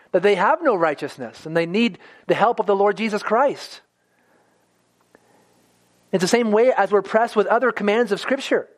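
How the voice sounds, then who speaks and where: Earnest high-voiced male preacher. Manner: earnest, stumbles and repeats words. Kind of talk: sermon.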